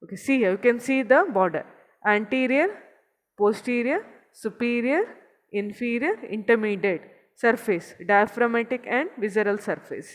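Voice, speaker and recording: A woman with a fairly high voice teaches anatomy, walking through a diagram and repeating each key term. Her voice rings out in a long, echoing hall. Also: expressive, moderate pace. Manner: explains step by step, points at a figure, repeats key terms. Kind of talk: recorded anatomy lecture.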